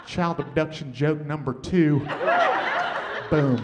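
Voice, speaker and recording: A man performing a stand-up comedy set on stage, deadpan, with muttered asides. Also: high-pitched, normal speed. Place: comedy stage with laughing audience. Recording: noisy stage recording.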